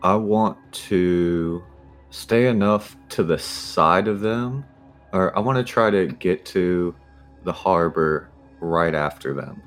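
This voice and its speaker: A man's voice: deep voice, slow pace, faint music behind. A man as a player in a tabletop game, stating his character's plans. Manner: asks and states plans.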